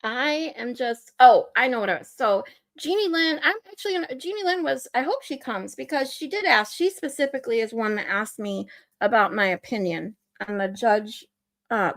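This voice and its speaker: A woman hosting a casual livestream, ranting in exasperation while she reads and answers viewer comments. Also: mid-range voice. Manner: ranting, exasperated, reacting to chat. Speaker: livestream host.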